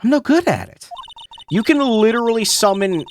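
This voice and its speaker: A woman reading game dialogue aloud, voicing a bubbly, excitable young female sidekick in a raised voice. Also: fairly high pitch, normal speed, a little hiss or hum, voice pushed up. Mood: excited.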